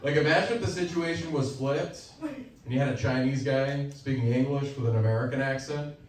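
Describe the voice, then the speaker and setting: A young man doing a stand-up comedy set on stage, animated and slipping into quoted voices for his punchlines, with the audience laughing. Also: medium pitch, a little fast, noisy background. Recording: loud audience laughter, echoey club heard from far.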